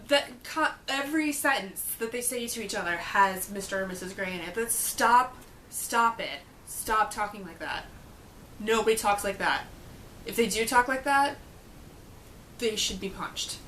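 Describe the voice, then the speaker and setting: A woman's voice: mid-range voice, lively intonation, a little slow, a bit bright, a little hiss or hum, low-quality recording. A young woman chatting casually to camera about a book, blunt, sarcastic and swearing freely. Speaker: book reviewer vlogger.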